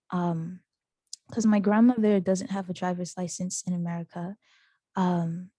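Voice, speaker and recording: In clean studio sound with no echo, a young student interviewee with a lowish voice recounts a story casually. She animatedly performs the voices of the people she quotes, laughing along.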